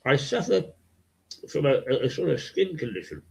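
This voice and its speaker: Hosting a local webcast, this older local TV host rambles casually in a croaky, gravelly voice, slow and halting, with lots of fillers and repetition. His mid-range delivery is very animated with a darkish tone, captured in dull, lo-fi audio.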